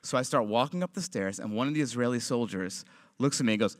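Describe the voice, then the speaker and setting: A man performing stand-up comedy, animated and swinging between loud punch lines and quiet asides. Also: mid-range voice, quick pace, no room sound, clean studio sound.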